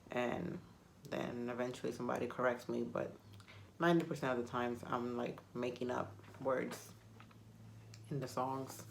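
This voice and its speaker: A woman's voice: very deep voice, gravelly, fairly bright tone, a little hiss or hum. A woman whose first language is Spanish, chatting casually to camera and rambling with self-mocking humor. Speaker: vlogger.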